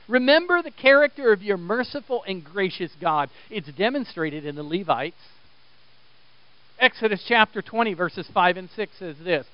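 A man preaching a sermon, swinging between loud, emphatic exhortation and quiet, intense stretches. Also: sits high, animated, moderate pace, no room sound, highs cut off. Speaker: pastor.

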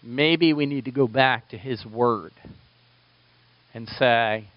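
A man's voice: medium pitch, takes it slowly, no room sound. A man preaching a sermon as a pastor, asking his listeners rhetorical questions. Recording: dull lo-fi dry recording.

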